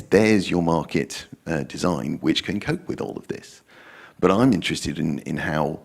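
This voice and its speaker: A man's voice: extremely low pitch, creaky, breathy edge. A man in the audience asking a long technical question, a bit rambling.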